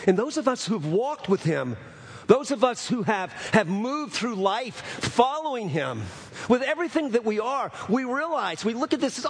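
A man preaching a sermon as pastor, earnest, repeating phrases, moving between raised proclamation and hushed asides. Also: extremely high pitch, sing-song, normal speed. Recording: long hall reverb.

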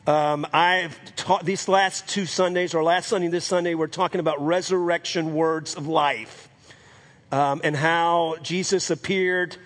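A man's voice: on the high side, fairly even intonation, a little slow, fairly bright tone. A man preaching a sermon as pastor, repeating phrases for emphasis and calling out "Amen?" to the congregation.

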